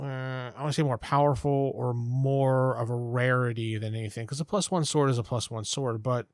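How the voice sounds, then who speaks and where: A man's voice: mid-range voice, no room sound. A man talks through listener questions in a loose, rambling way, as if chatting across a table. His voice sits in an ordinary middle range. The sound is dry, with no room around it. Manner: rambling and conversational. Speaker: podcast host giving game master advice. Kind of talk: casual monologue answering listener questions.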